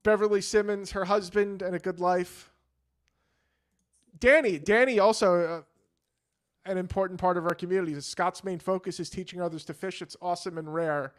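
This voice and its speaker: A man's voice: high voice, steady tone, moderate pace. A man co-hosting a live stream, reading viewer comments aloud and prompting his guest. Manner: reads comments aloud, prompts the other speaker.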